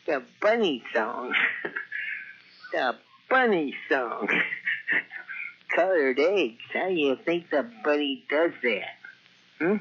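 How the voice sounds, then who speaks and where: A man's voice: on the high side, lively intonation, extremely slow, pauses often. A man voicing a giggling, whimsical oddball who drawls out silly thoughts on an answering machine. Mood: giggly. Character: giggling loopy man musing about the Easter bunny. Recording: dull tape with faint noise.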